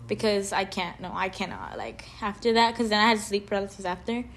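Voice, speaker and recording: A young woman co-hosting a podcast, casually telling a story full of "like" fillers and animated asides. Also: mid-range voice, brisk, slight background noise. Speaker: podcast co-host. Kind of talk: casual chat.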